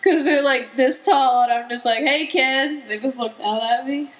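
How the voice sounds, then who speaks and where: A woman's voice: on the high side, normal speed, poor audio. A teenage girl hosting a casual podcast chat, telling chatty stories with laughs. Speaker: podcast host.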